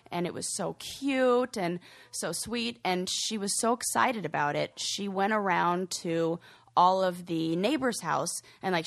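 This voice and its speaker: A young woman co-hosting a podcast, telling a story in a gushing, emotional way. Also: on the low side. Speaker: podcast co-host. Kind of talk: casual chat.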